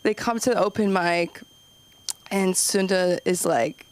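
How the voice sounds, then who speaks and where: A young woman doing open mic stand-up, rambling and self-deprecating, acting out quoted voices with sudden jumps up in pitch. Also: a little slow. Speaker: stand-up comedian.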